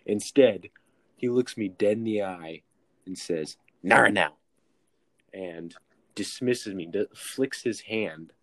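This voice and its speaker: Young guy from texas, deep voice, dry close mic, goofy story chat. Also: takes it slowly, dry recording. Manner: animated, self-mocking, acts out quotes. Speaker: co-host telling a story.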